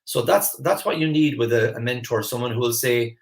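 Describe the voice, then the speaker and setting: A man hosting a live online masterclass as a mentor, earnest and animated, often repeating words as he starts a phrase. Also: medium pitch, fairly quick, gravelly. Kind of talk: live online coaching class.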